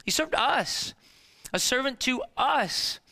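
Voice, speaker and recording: A man preaching a sermon in a dramatic storytelling way, moving between hushed and emphatic delivery. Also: very high-pitched, expressive, slow pace, creaky. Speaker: pastor.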